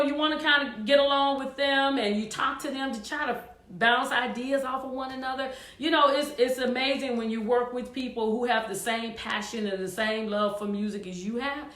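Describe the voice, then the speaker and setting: Woman, choir director host, chatty and encouraging, higher voice, roomy echo. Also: fairly bright tone. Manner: encouraging, chatty, frequent fillers. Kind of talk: casual talk to viewers.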